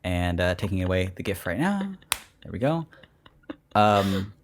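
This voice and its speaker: Young man co-hosting a podcast in loose, casual chat. His voice sits a little low, and he swears freely and gets animated as the jokes pile up. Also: measured pace, a little hiss or hum. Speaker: podcast co-host.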